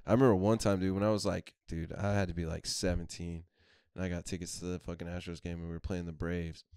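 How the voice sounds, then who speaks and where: A man's voice: sits low, fast talker, clear, resonant tone, no echo, studio quality. A young man on a casual podcast, telling rowdy, profane stories with lots of laughter. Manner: profane, animated storytelling, laughs often. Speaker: podcast host. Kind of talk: casual chat.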